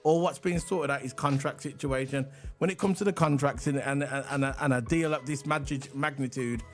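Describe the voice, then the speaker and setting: A man's voice: medium pitch, steady tone, fairly quick, soft background music. A man co-hosting a casual livestream, chatty and rambling, hyping the chat and reading transfer news. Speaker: livestream co-host.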